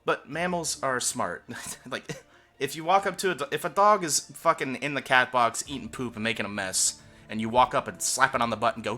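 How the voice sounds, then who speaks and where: A young man rambling through a crude storytime vlog in a bright, forceful voice. He sounds a little short of breath and swears freely, getting louder when he is worked up. Faint music sits in the background. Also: mid-range voice, fairly quick. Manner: crude, profane and animated, swinging loud when worked up. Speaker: vlogger.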